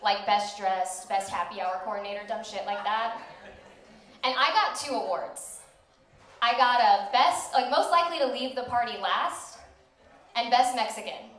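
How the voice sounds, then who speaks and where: A young woman doing a stand-up comedy set on a club stage, delivering deadpan, self-mocking punchlines. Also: fairly high pitch, normal speed. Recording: echoey club, voice from far off.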